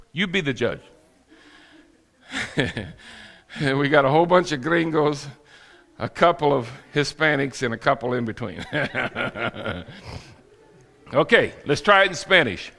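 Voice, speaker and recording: A man's voice: mid-range voice, bright, forceful tone, big-room sound. A male preacher giving a sermon with folksy, humorous storytelling. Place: church sanctuary.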